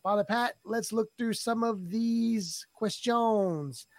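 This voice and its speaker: Upbeat, high-voiced male podcast host. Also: no room sound. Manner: upbeat and joking, quick asides. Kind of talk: casual podcast hosting.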